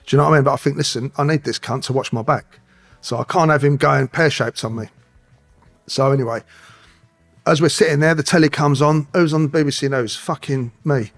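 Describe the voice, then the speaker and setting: A man's voice: a little high, fairly quick, faint music behind. A middle-aged man telling a rambling, profanity-filled story as an interview guest. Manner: swearing, rambling, streetwise anecdotes. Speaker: guest, former police officer.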